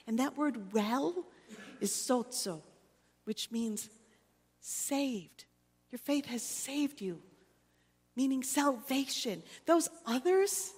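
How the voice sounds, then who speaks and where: Woman pastor preaching slow and emphatic, high voice, long church reverb. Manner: slow, emphatic preaching with dramatic swells and quiet drops. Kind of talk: sermon. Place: church sanctuary.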